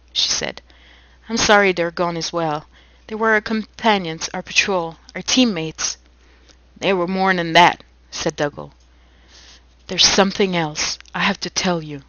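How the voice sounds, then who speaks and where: A woman co-hosting a podcast reads a novel aloud casually in a lowish, slightly bright voice, acting out the quotes, adding jokey asides and breaking off to laugh. The recording is dry and lo-fi.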